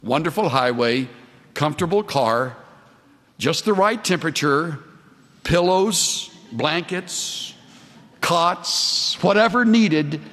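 An older man preaching a sermon and telling humorous stories with slow, deliberate emphasis. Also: fairly high pitch, animated, fairly bright tone. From Southern California. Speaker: pastor. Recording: long reverb of a large hall.

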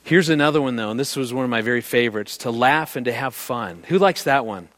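A man's voice: mid-range voice, fast. A middle-aged man giving a presentation on marriage, telling stories with energy and asking the audience questions. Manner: animated storyteller who quizzes the audience. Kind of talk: live talk to an audience.

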